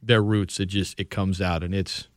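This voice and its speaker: A man, a radio sports host chatting loudly and lively at a studio microphone, laughing often. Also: sits low, moderate pace, dry recording. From Louisiana. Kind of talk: casual radio banter.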